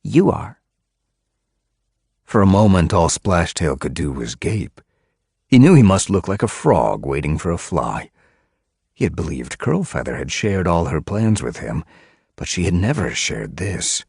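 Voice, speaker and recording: A man reading an audiobook aloud with expressive storytelling. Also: low voice, moderate pace, gravelly, breathy edge, dry recording, clean studio sound. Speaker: audiobook reader. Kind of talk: audiobook narration.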